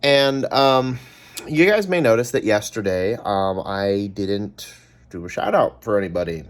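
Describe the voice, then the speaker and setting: A man's voice: lowish voice, measured pace. A man with a Californian American accent in casual vlog chat. He rambles and chats, with frequent ums and corrections of himself. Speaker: vlogger.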